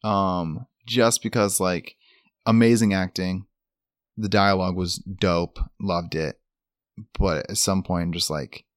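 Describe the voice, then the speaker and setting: A man's voice: low-pitched, fairly even intonation, slow, no room sound, clean studio sound. A man co-hosting a podcast, talking in an upbeat, rambling way with lots of fillers. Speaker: podcast co-host. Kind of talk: casual chat.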